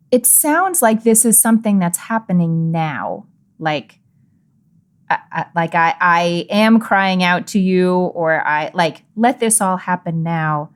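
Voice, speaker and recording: Woman co-host, unhurried, thoughtful and searching, fond of restarts; reads scripture then chats. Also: lowish voice, expressive. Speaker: podcast co-host. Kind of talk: scripture reading and casual discussion.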